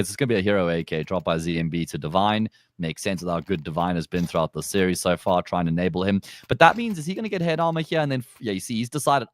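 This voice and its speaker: A low-pitched male esports caster calls the match live from a headset, his voice leaping upward whenever the action flares. A faint hiss of noise sits under the dry booth sound. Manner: animated, jumps high in pitch when excited, jokey. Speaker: esports commentator. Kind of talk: live game commentary.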